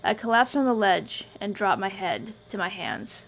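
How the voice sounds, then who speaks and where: A woman reading first-person scripted fiction in a measured, subdued way. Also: mid-range voice, sing-song, gravelly. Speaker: audiobook narrator.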